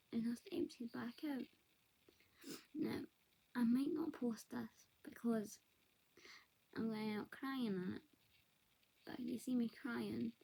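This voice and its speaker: Woman vlogger, confessional, half-whispered, gravelly and breathy. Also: a little high, low-quality recording. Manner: soft, often whispered, hesitant. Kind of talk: confessional monologue to camera.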